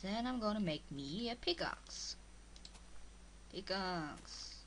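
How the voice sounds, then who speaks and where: German lady doing a let's play, kinda slow and low, halting, talks to herself, bit of hiss. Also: a bit bright, rough recording. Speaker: let's player. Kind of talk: casual gameplay commentary.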